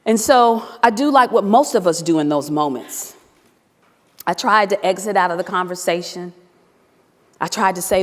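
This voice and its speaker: A woman and former teacher telling a personal story in a talk, animated and acting out the dialogue. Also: medium pitch, normal speed. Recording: long reverb of a hall.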